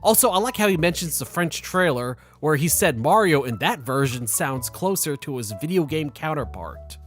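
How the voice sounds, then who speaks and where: A man's voice: fairly high pitch, animated, normal speed, soft background music. A man narrating a scripted commentary video, with sarcastic, mocking asides.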